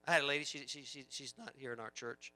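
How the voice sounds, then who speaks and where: Man, pastor, sermon, very bright sharp tone, emphatic, storytelling, repeats himself. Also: mid-range voice, quick pace. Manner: animated preaching that swings from loud emphatic lines to quiet storytelling; chatty asides and repeated words.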